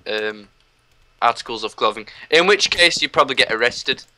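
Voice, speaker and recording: A young man, hosting a casual gaming chat and telling stories in an animated, ranting way. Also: mid-range voice, normal speed. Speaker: host.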